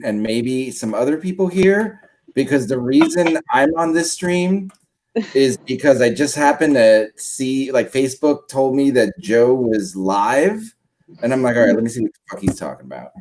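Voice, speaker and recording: A man's voice: medium pitch, measured pace, slight background noise, poor audio. A man chatting casually as a stream guest, telling jokey stories and swearing freely. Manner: animated, joking, swears freely. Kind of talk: casual chat, storytelling.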